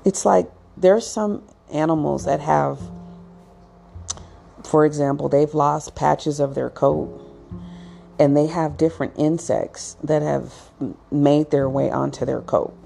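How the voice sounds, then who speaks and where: A woman's voice: sits low, fairly even intonation, slow pace, creaky, mellow, faint music behind. A woman talking casually to viewers in a rambling, chatty monologue with acted asides and frequent restarts. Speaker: pet owner giving advice.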